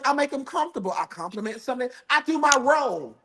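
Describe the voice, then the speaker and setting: High-voiced sassy man telling a story. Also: fast, a little hiss or hum. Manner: sassy, profane, animated. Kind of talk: comedic storytelling.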